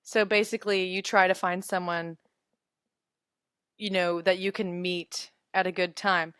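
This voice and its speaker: Young woman in her twenties, chatty webinar teacher, giggly, smooth dry close-mic sound. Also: on the low side, flat delivery, unhurried, fairly bright tone, no room sound. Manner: chatty, giggly, answers viewer comments. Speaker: English teacher. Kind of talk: casual live webinar chat.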